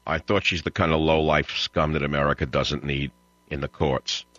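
A man's voice: a bass voice, fairly even intonation, moderate pace, a bit bright, dry recording. A man hosting a talk radio show, ranting and mocking in a combative monologue. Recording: slightly dull lo-fi broadcast audio.

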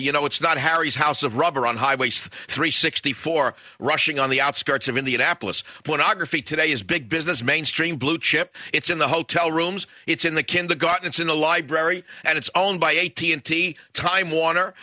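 A man's voice: fairly high pitch, a little fast, hardly any pauses, pushed and bright, no room sound, lo-fi sound. Bombastic man hosting talk radio. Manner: bombastic, rising to emphatic peaks. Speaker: radio talk show host. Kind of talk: combative talk radio monologue.

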